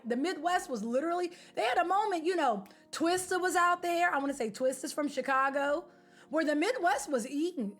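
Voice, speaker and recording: A woman streamer chatting casually with her live viewers, animated, slangy and opinionated. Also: high voice. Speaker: game streamer.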